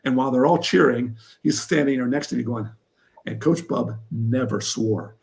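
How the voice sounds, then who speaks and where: Speaking at normal speed in a gravelly, medium-pitched voice, a man who once wrestled and coached tells an amusing story as a guest in an interview. He's animated and laughs his way through the punchlines.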